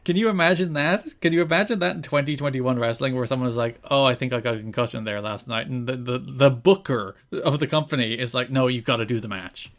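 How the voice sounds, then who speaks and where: A man co-hosting a casual podcast, recapping wrestling events with deadpan asides. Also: medium pitch, quick pace, hardly any pauses. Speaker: podcast co-host.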